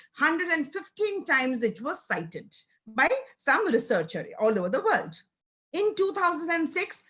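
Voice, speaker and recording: A woman with a higher, light voice and an Indian English accent delivers a lecture. She explains patiently and methodically, often pausing on fillers and restarting her sentences as she works through each point. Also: fairly bright tone. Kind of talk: academic lecture.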